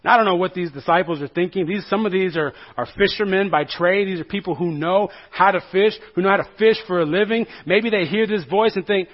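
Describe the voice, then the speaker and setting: A man with a high-sitting voice speaks briskly with few pauses. He's a pastor preaching to a church congregation in a conversational, joking way, often putting questions to his listeners. The recording is dull and lo-fi.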